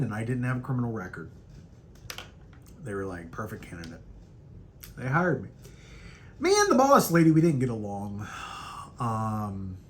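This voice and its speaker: Animated, swearing young man telling stories. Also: slight background noise. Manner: animated, profane, acts out quotes in raised pitch. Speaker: podcast host. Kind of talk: casual storytelling monologue.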